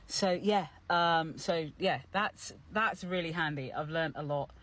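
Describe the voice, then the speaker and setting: A young actor and playwright, unhurried and fairly high-pitched, walks through his character's creation in a casual, animated way. He chats freely, with many fillers and restarts.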